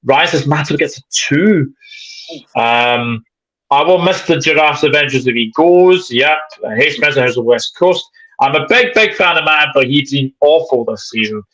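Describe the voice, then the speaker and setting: Bright-voiced man hosting a live stream. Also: on the high side, animated, moderate pace, low-quality recording. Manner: reads viewer comments aloud, chatty. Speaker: host. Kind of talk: live-stream football chat, reading chat.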